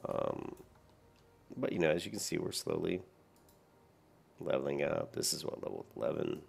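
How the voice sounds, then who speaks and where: A man's voice: rumbling low, normal speed, creaky, a little mellow, slightly rough. A very tired man rambling through casual gameplay commentary, with lots of fillers and restarts. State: very tired, yawning.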